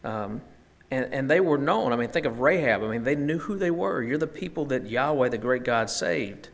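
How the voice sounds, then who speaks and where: A man's voice: mid-range voice, animated, moderate pace. A man leading a Bible study, teaching conversationally and thinking aloud with frequent fillers and restarts.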